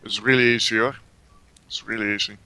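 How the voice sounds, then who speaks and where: A man's voice: lowish voice, fairly even intonation, fairly quick, sharp tone, smooth. A man co-hosting a casual gaming chat, mostly giving brief, blunt agreeing replies. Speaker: gaming podcast co-host.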